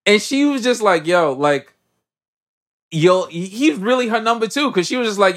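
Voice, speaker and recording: Lively, slangy male podcast host. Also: high voice, moderate pace. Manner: animated, slangy storytelling. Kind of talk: casual movie recap.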